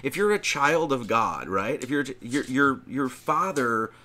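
A man's voice: medium pitch, sing-song, unhurried, bright, forceful tone. A man giving an informal sermon, reading scripture aloud and commenting on it in a conversational way, with frequent restarts and emphatic lists. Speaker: preacher.

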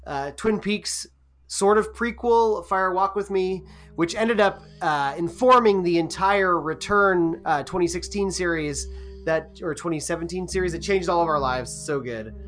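A man's voice: sits high, unhurried, fairly bright tone, soft background music. Hesitant rambling man on a podcast. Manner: rambling, hesitant, many fillers. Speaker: podcast co-host. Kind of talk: casual chat.

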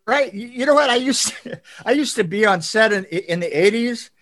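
A man's voice: high voice, lively intonation, normal speed, fairly bright tone. An older man from California, a guest on an interview show, telling rambling stories full of swearing and laughter. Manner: profane, laughing, rambling storyteller. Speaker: guest, production designer. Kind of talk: casual interview storytelling.

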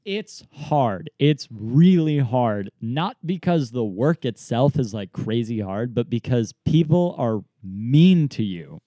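A man's voice: medium pitch, slow, few pauses, no echo, studio quality. A man in his twenties, co-hosting a podcast, telling a story in a casual chat and acting out the people in it. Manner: animated storyteller, acts out quoted people, laughs often. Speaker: podcast co-host.

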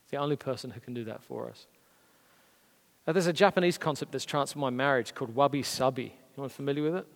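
A man's voice: mid-range voice, quick pace, vocal fry. Australian man preaching in a reverberant hall. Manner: earnest, conversational preaching with emphatic rises. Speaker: pastor. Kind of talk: sermon. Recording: long reverb of a large hall.

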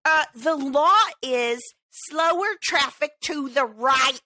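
Brief: high-pitched woman podcast host, exasperated, animated ranting, close dry mic. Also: takes it slowly, dry recording. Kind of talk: casual chat.

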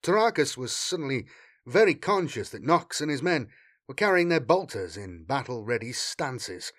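A man reading a war story aloud in a dramatic, expressive way as an audiobook narrator. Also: mid-range voice, moderate pace. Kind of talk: scripted narration.

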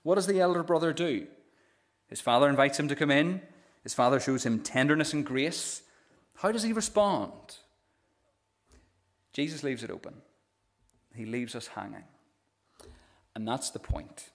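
With a mid-range, animated voice, this man preaches earnestly at a moderate pace, pausing often. As a pastor retelling a parable, he tells it like a story but keeps stumbling into restarts, repeating initial sounds at the beginning of phrases.

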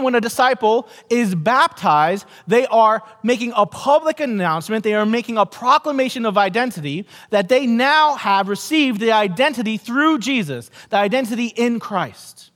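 A man preaching a sermon as pastor, earnest, repeating key phrases and dropping low for emphasis. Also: a bit bright, long reverb tail.

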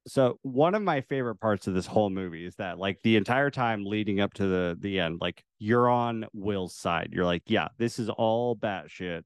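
A man's voice: fairly low pitch, moderate pace, few pauses, smooth, no echo. A man co-hosting a casual movie podcast. He rambles through his points with lots of "like" and laughs often. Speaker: podcast co-host.

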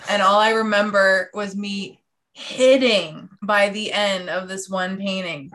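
A woman guest in a casual conversation, speaking in a relaxed way and laughing easily. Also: mid-range voice, slow pace. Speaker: guest artist.

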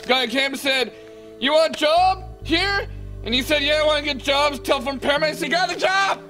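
A man putting on the voice of a goofy, shouting man-child telling a silly story. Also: brisk, music in the background. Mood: goofy yelling. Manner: high, yelling, breaks into laughter.

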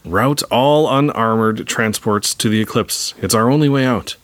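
A man's voice: medium pitch, normal speed, dry recording, voice pushed up, lightly acted. Man voicing a wise older woman leader. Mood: tender. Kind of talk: amateur script read-aloud.

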